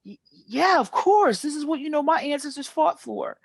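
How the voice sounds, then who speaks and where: A woman's voice: sits high, expressive, normal speed, gravelly, no echo, voice pushed up. A woman voicing a defensive young Southern white man who gives eager, agreeable replies.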